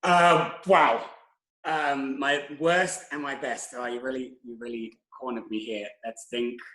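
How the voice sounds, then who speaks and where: A young man telling travel stories as an interview guest on a video call, animated and self-mocking. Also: mid-range voice, measured pace. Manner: animated, self-mocking anecdotes with quoted exclamations. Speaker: interview guest, tour creator. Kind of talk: casual storytelling on a video call. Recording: roomy video call audio.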